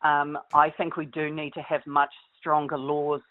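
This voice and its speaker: A woman's voice: low voice, completely flat delivery, measured pace. A woman, a guest expert explaining things steadily in an interview. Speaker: guest expert on dog safety. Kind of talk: interview answers. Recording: tinny phone line.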